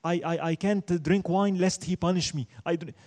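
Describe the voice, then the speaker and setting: A man teaching a religion class in an emphatic lecturing style, often asking a question and answering it himself. His voice sits high for a man but sounds dark and mellow in tone. He recites Arabic verses at a quick clip. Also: steady tone. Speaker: Islamic studies teacher.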